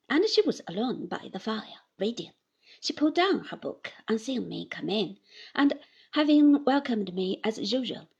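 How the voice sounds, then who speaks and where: Woman, audiobook narrator, very husky, creaky, high voice. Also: a little mellow, dull audio. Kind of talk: classic novel read aloud.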